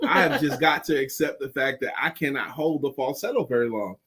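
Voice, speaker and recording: A man's voice: medium pitch, a little fast, a bit bright, slightly rough. An American man co-hosting a casual chat show, upbeat and singing greetings to listeners. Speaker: co-host.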